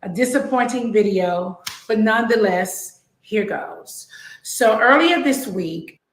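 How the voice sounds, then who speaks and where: A woman telling a personal story to camera in a measured way, with filler words, recorded with a roomy echo. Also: fairly high pitch, expressive, a little hiss or hum.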